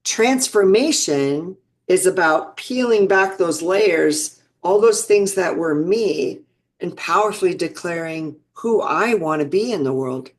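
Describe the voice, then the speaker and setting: A woman in her sixties, guesting on an interview, tells personal stories reflectively and earnestly, often restarting her sentences. Her voice is on the low side and animated, and she speaks a little slowly.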